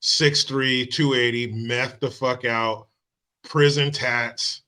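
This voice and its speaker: Bright-toned man hosting a casual podcast. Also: mid-range voice, fairly even intonation, slow. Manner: blunt, salty reactions. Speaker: podcast host. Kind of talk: casual interview chat.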